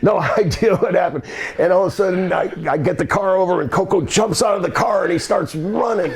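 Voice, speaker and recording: A man's voice: sits high, a little fast, breathy edge. An older man, a former wrestler, telling rambling anecdotes with laughter in a shoot interview. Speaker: guest, former pro wrestler.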